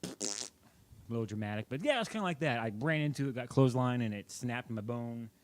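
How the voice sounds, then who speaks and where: A man's voice: mid-range voice, animated, a little fast. A young man vlogging, casually telling a personal story in a rambling, self-correcting way.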